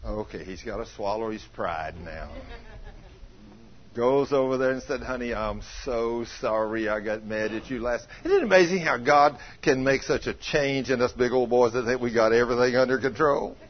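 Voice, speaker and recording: A man preaching, telling a homespun story to his congregation, teasing them, dropping to a murmur and then rising to excited exclamations. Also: mid-range voice, normal speed. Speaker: pastor. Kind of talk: folksy storytelling sermon. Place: church sanctuary. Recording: muffled lo-fi church recording.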